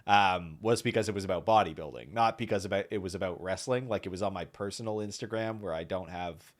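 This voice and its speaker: A man with a lower voice co-hosts a casual wrestling podcast. He talks hesitantly with wry remarks and often trails off mid-thought. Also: quick pace. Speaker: podcast co-host.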